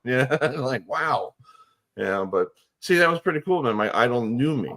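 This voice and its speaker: On his sports radio show, a man tells stories in a loose, excitable, rambling manner, leaning heavily on fillers. He has a mid-range voice and a moderate pace.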